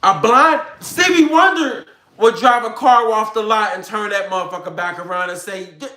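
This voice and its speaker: An online commentator rants at his viewers, fired up, profane, and slangy, addressing them directly in an animated way. His voice sits high at a moderate pace, recorded in a home room with a computer and roomy echo.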